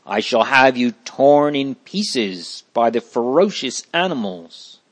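A man's voice: mid-range voice, sing-song, slow. A man reading a scornful, threatening governor. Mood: stern, threatening. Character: stern, scornful male Roman governor.

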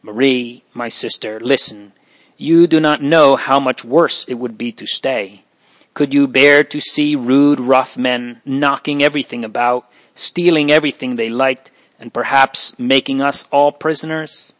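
A man reading the part of a gentle, protective older brother in an audiobook, speaking calmly and reassuringly. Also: medium pitch, measured pace, no room sound, natural voice.

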